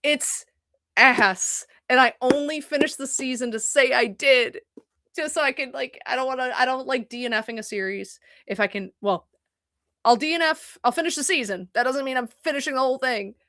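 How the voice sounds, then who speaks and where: A woman's voice: high-pitched, normal speed, no echo, clean studio sound. A young woman streamer chatting casually at her computer, rambling and swearing as she talks. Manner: rambling, profane and animated. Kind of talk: casual chat. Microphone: desk mic at a computer.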